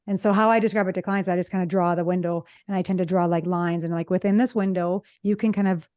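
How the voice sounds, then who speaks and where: A woman psychologist co-hosting a podcast, explaining ideas with lively examples. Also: fairly low pitch, fast talker, clean tone, no echo, clean studio sound. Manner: energetic, explains with examples and acted-out quotes. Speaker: relationship psychologist, podcast co-host. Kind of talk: conversational podcast discussion.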